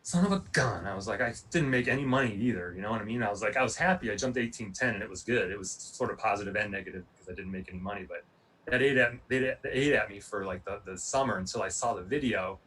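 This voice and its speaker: A man in his forties, a former Olympic pole vaulter, giving a casual motivational talk in a rambling, animated storytelling way with lots of fillers. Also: on the low side, fast talker, breathy edge. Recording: distant mic, faint room noise.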